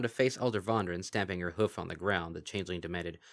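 A man narrating a fantasy story aloud, dramatic and expressive, voicing all characters. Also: low voice, fast, few pauses.

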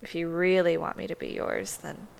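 A woman's voice: fairly low pitch, level tone, normal speed, a little mellow. A woman playing a sultry mermaid, whispered role-play. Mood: teasing. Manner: teasing, breathy, sultry. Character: seductive teasing female angler mermaid.

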